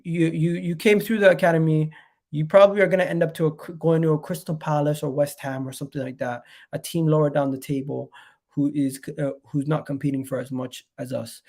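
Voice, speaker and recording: A man's voice: a little high, a little mellow. A man hosting a casual football live stream, sounding nasal from a cold and chatting straight to his viewers. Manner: chatty, rambling, addresses viewers directly. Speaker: football channel host.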